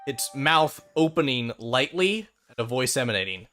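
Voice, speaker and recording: Measured game master narrating. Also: male voice, medium pitch, big pitch swings, pushed and bright, soft background music. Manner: descriptive, measured.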